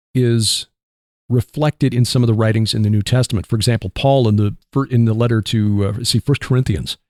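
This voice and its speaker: A man with a Midwestern accent hosting a casual Christian radio talk show, rambling and halting with fillers. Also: mid-range voice, darkish tone, no room sound, studio quality. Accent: Midwestern American. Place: barn studio.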